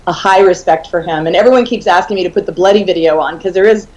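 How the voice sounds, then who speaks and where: A woman in her fifties, a guest in an interview, telling animated stories and laughing often. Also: fairly low pitch, quick pace. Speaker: author and guest. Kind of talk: casual storytelling in an interview. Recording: slightly muffled audio.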